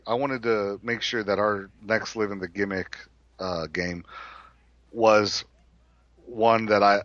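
A man's voice: on the low side, fairly bright tone, no echo, highs cut off. A man co-hosting a casual podcast, blunt and opinionated, restarting his sentences often. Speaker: podcast co-host.

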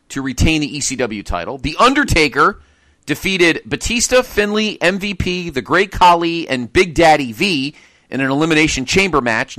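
A man's voice: on the high side, sharp tone, no room sound. A man hosting a podcast, reading match results aloud with incredulous asides and frequent laughter. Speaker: podcast host. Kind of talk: casual chat, reading match cards.

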